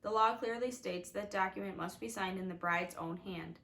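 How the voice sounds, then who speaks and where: A woman voicing a kind female judge who speaks carefully and in measured phrases. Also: mid-range voice, a bit bright, close to an everyday voice.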